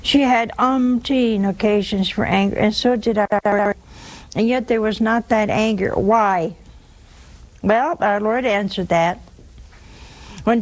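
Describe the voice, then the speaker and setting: Older lady hosting a religious call-in show, slow earnest talk, repeats herself a lot. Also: mid-range voice, steady tone, rough recording. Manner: earnest, repeats words and phrases for emphasis. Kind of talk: spiritual counsel on a call-in show.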